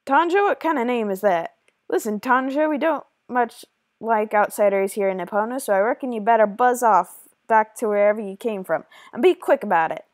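Woman putting on a loud, bullying Western rancher man. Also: on the high side, moderate pace, no room sound, clean studio sound, voice pushed up, lightly acted. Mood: hostile. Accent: put-on American Western. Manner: loud, threatening, snorting.

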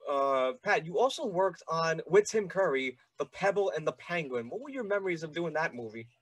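A man's voice: a little high, lively intonation, moderate pace, no room sound. A man hosting a casual interview show on a video call, an eager fan who rambles with lots of fillers. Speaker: podcast host.

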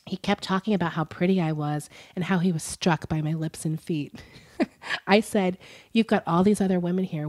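A young adult woman co-hosting a true-crime podcast in a loose, chatty way. She giggles often and reads quotes aloud, with a voice that sits a touch low. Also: a little mellow. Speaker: podcast co-host. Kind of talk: casual true-crime chat.

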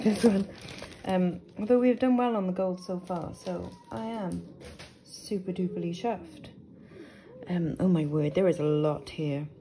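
A British woman chatting to her viewers as she unboxes things, exclaiming over each find. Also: medium pitch. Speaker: vlogger. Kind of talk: casual unboxing chat. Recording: rustling packaging noise.

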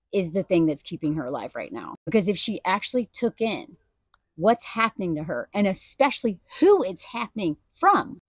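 A woman's voice: medium pitch, no echo, studio quality. A woman talking earnestly and emotionally in a personal video commentary, speaking casually and addressing viewers directly. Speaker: video creator.

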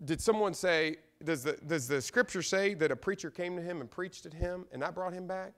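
A male pastor with a Midwestern American accent and a notably high voice delivers a sermon. He drives points home with loud, emphatic repetitions, then drops to quiet, intimate asides. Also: fairly quick. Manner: impassioned, swings between loud emphatic repeats and hushed asides. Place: church sanctuary.

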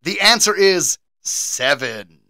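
An American man co-hosting a casual podcast, animated and quick to laugh as he runs a trivia game. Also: high-pitched, gravelly, no echo. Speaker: podcast co-host. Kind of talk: casual chat.

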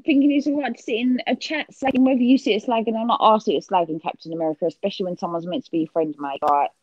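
A woman's voice: fairly high pitch, dry recording, muffled recording. A woman hosting a casual livestream chat, swearing freely and calling people darling. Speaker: livestream host.

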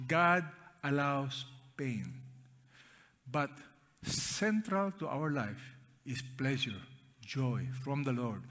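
A man's voice: mid-range voice, a bit bright. A man preaching a sermon to a congregation, stressing key words, asking them questions and leading them in reading aloud. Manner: asks the congregation questions and has them read along; emphatic, repeats key words. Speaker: pastor. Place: church auditorium. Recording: long reverb of a large hall.

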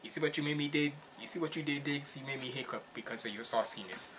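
A man with a non-native English accent hosting a casual reaction video, chatty and excitable, laughing often. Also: on the high side, fast, slight background noise.

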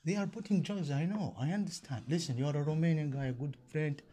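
A man's voice: fairly high pitch, fast, warm tone. A man filming a noise dispute in shared housing at night, repeating himself as he pleads and complains. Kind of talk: handheld argument and complaint vlog.

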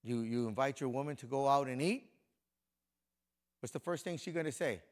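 Here a middle-aged man, a pastor from Compton, California, delivers a sermon at a moderate pace in a medium-pitched voice. He keeps it conversational and talks straight to people in the pews.

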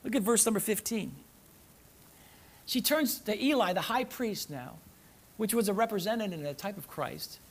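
A male pastor preaching a sermon in a church, reading scripture aloud and repeating phrases, swinging between loud urgent emphasis and low, soft asides. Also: expressive, normal speed, long pauses. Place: church sanctuary.

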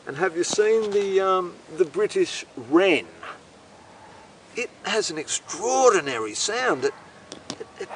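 A man telling a rambling comic story, animated and profane, breaking into bird impressions, recorded outdoors. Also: high voice, a little slow. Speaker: comedic monologuist. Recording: voice distant from the mic with faint outdoor noise.

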